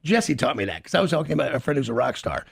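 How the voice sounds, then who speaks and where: A man's voice: mid-range voice, sing-song, very fast, gravelly, slightly rough, no room sound. A male radio host trading crude jokes and stories in loose, profane banter on a studio mic. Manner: loose, profane, jokey storyteller.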